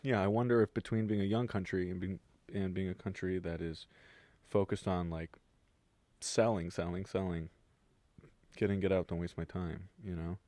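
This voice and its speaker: A young American man co-hosting a podcast in casual chat, teasing with deadpan jokes. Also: deep voice, normal speed, no room sound. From United States. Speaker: podcast co-host.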